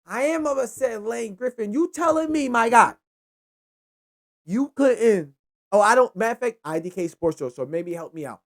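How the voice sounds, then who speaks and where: A young man hosting a casual solo football recap, rambling and excitable, with frequent profanity. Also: extremely high pitch, normal speed. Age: young adult. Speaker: sports show host.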